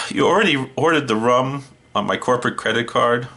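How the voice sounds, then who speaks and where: A man hosting a horror movie show, doing a comedic one-sided phone call in a deadpan, wry way. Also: medium pitch, moderate pace.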